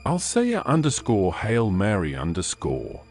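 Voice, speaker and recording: A man voicing a frightened little boy who pleads with his father in a shaky, high voice. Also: wildly swooping pitch, unhurried, darkish tone, faint music behind, full character voice. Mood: terrified.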